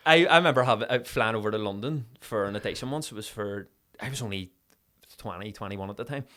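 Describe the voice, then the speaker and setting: A young man in his twenties, an actor guest in a casual podcast chat, telling animated stories and swearing now and then. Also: on the low side, quick pace. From Ireland. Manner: animated storyteller, swearing, acts out voices.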